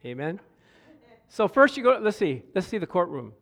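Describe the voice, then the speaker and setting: Middle-aged male pastor, animated sermon storyteller, slightly high voice, repeats words when excited. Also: normal speed. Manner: animated, stammering repeats, bursts of laughter.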